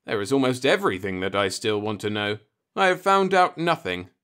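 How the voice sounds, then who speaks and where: A man's voice: on the low side, very animated, a little fast, fairly bright tone, smooth. Man voicing a pressing, curious space envoy. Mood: insistent. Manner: pressing, questioning, rising to alarm. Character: insistent curious male human space envoy. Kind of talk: audiobook dialogue reading.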